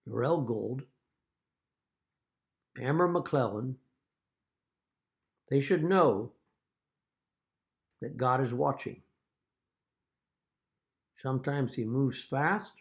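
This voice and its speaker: Father figure, middle-pitched voice, earnest and accusatory, measured direct-to-camera delivery. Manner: slips into a wry joke-telling aside. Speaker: father speaking to his children. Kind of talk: direct-to-camera video message.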